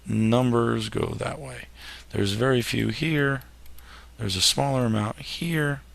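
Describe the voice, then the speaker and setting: A man's voice: mid-range voice, gravelly, fairly bright tone, slight background noise. A man teaching history in a recorded lecture over slides, with jokey, self-deprecating asides.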